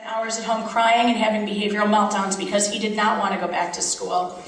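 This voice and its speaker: A woman's voice: mid-range voice, flat delivery, brisk. Mother reading testimony in echoey hall. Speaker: parent. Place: large hearing room. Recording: echoey room from far off.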